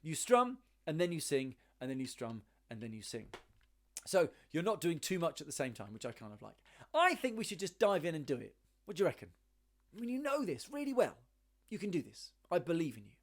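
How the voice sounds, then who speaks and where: A man's voice: fairly high pitch, wildly swooping pitch, fairly quick. Upbeat man teaching ukulele. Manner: encouraging, counts beats aloud, sings along. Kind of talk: online music lesson.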